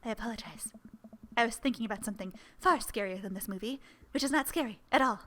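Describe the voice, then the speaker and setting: A flustered gothic man in a dating game talks in stiff, formal, grandly theatrical phrases while trying to hide his nerves, as a woman reads him. The voice sits fairly high and bright. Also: quick pace, a little hiss or hum. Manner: stiff, overly formal bravado.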